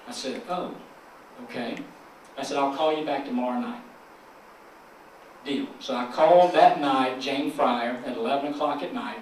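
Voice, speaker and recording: A man's voice: mid-range voice, moderate pace, long pauses, a little mellow, a little hiss or hum. A man with a Southern US accent giving a folksy, joking conference speech to local officials, drawing the audience into call and response. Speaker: chamber of commerce president, keynote speaker. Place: large conference hall. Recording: echoey hall, from far off.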